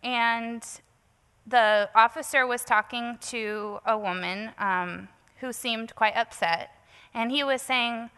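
A woman's voice: fairly high pitch, fairly even intonation, takes it slowly, pushed and bright, clean tone, in a large hall. A woman giving a sermon through a candid, self-deprecating personal story, often saying "like" and "um".

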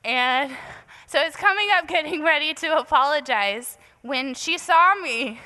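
Bright-voiced woman sharing a story in a sermon. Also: high voice, normal speed, in a large hall. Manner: candid, self-deprecating storytelling with frequent "like" and "um".

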